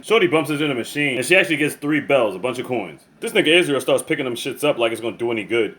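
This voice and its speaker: A man casually recapping a movie plot in slangy, profane, animated storytelling, acting out the characters' lines. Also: mid-range voice. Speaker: movie reviewer.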